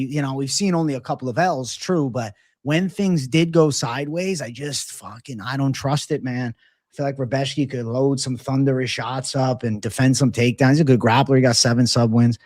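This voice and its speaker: A man's voice: medium pitch, darkish tone, no echo, clean studio sound. A man co-hosting a fight betting show, giving blunt predictions in casual, profane chat and reading out odds.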